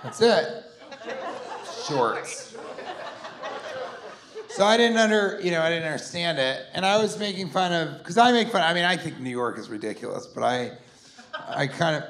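A man in his forties doing a rambling, sarcastic stand-up set, sometimes bursting into shouted put-on voices. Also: on the high side, very animated, fairly quick. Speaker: stand-up comedian. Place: comedy club stage before a laughing audience. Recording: roomy live club sound with crowd.

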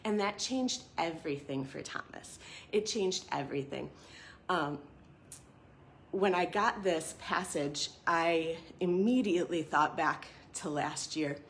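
A woman's voice: low-pitched, slow, slight background noise. A woman in her thirties giving an earnest, conversational church devotional talk, reading scripture and speaking casually.

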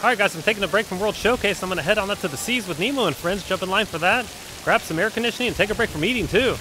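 A man's voice: sits high, expressive, very fast, music in the background. A man vlogging his day outdoors at a theme park, upbeat and enthusiastic as he talks to viewers. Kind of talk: casual vlog narration.

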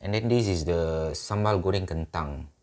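A man from Singapore with a Singaporean English accent, hosting a casual at-home food review and chatting in a relaxed way with local particles. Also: low-pitched, moderate pace. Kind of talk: casual mukbang chat. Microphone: dedicated microphone.

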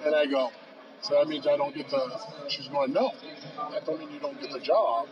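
A man in his fifties, a podcast guest, telling a long anecdote with lively acted-out dialogue and frequent "bro.". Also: fairly high pitch, normal speed, crowd noise. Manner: lively storyteller acting out both sides of phone calls, says "bro" often. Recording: distant, dull and noisy.

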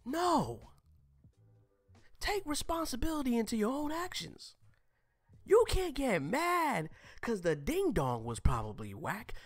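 A man hosting a live stream, ranting crudely and preachily, swinging between shouting and whispering. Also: very high voice, huge pitch swings, slow.

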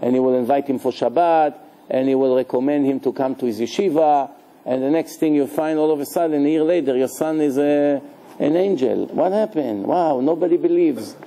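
With a fairly high pitch and a brisk delivery, this male rabbi teaches Torah live, joking around, firing questions at the audience, and scattering Hebrew words throughout.

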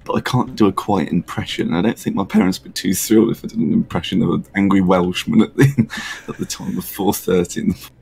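A man with a British accent co-hosting a gaming video, wry and deadpan. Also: sits low, fairly quick, gravelly, slight background noise, rough recording. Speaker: gaming co-host. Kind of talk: casual gaming chat.

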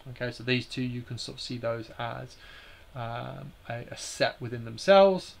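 A man's voice: mid-range voice, moderate pace, gravelly, a little hiss or hum. A man hosting a live stream, explaining slides in a hesitant way with many fillers and restarts.

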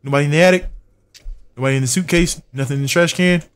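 Jumpy high-voiced young man streaming a horror game. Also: fast talker. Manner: mutters checklists, jumpy, swears and talks to chat. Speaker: gaming streamer.

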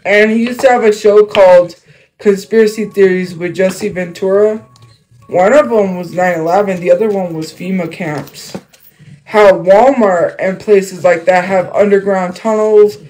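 A man's voice: high-pitched, fairly even intonation, a little slow, darkish tone, low-quality recording. A young man chatting casually on a livestream. He rambles, jumps between topics and fills his talk with fillers.

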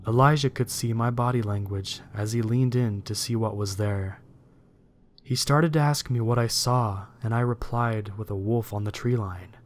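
Man narrating a horror story. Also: on the low side. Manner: steady, measured storytelling reading.

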